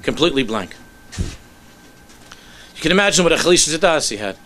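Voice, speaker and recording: A man, a rabbi, telling a story in a sermon with animated delivery that sinks to soft, low tones. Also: normal speed.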